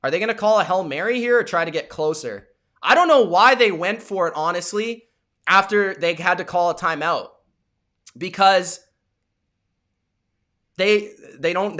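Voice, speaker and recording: Young male streamer, high bright voice, unhurried between plays, erupts into shouts on big moments. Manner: excitable, yells at big plays, talks to chat viewers. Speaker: live stream sports reaction host. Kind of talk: live play-by-play reaction to a game.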